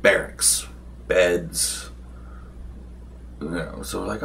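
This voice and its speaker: Slow, low-voiced man rambling through a game recap. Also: slight background noise. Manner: loose storytelling with many fillers and restarts. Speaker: vlogger recapping a tabletop game session.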